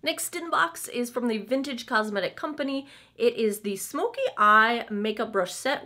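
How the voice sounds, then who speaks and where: A woman's voice: a little high, moderate pace, few pauses, pushed and bright. A woman in her thirties chatting casually through a makeup try-on, candid and playful with asides. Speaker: beauty vlogger.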